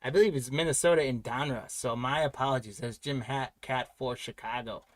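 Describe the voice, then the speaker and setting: A man's voice: medium pitch, brisk, no room sound. A man hosting a live trading card break, announcing pulls and congratulating buyers in an upbeat, chatty way.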